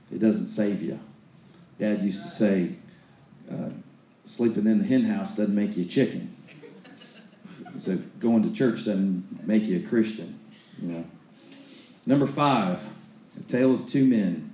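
Folksy, mellow-voiced preacher man, echoey room. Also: fairly low pitch, a little hiss or hum. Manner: folksy storytelling with repeated restarts. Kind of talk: sermon.

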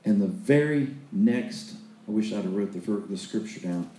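A man's voice: lowish voice, expressive, moderate pace, warm tone, reverberant. A man preaching a sermon, retelling Bible stories in a loose, conversational way full of restarts and acted-out quotes.

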